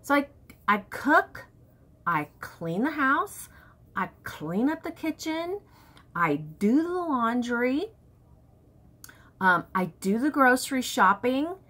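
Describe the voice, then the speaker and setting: A woman's voice: high-pitched, sing-song, slow pace, pauses often, sharp tone. A woman vlogger chatting candidly to camera, telling stories from home life. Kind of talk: casual chat to camera.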